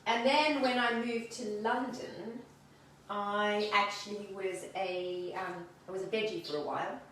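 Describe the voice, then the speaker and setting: A woman's voice: medium pitch, fairly even intonation, a little slow, fairly bright tone, distant mic, slight background noise. A woman from Africa, speaking, hosts a home cooking video. She talks in a chatty, rambling way and laughs easily. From South Africa. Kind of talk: casual cooking demonstration and chat. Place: home kitchen. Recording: echoey room, voice away from the mic.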